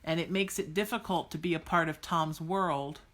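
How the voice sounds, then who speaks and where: This psychic podcast host speaks in a low, steady voice with a touch of brightness, at a moderate pace. Chatting bluntly and casually with viewers during a live stream, she gushes with enthusiasm, cheering them on and slipping into song now and then.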